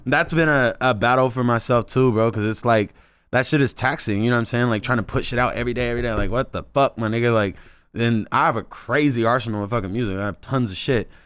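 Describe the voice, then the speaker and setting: A laid-back man chatting casually, cursing often and tossing in "bro" at every turn. His voice is smooth and clear, with a dry, close sound and no room echo. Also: mid-range voice, fast, a bit bright. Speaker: musician guest. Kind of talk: casual chat.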